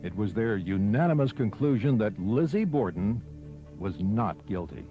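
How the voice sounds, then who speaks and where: A man giving measured, scripted documentary narration. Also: fairly low pitch, very animated, narrow, tinny audio. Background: soft music bed.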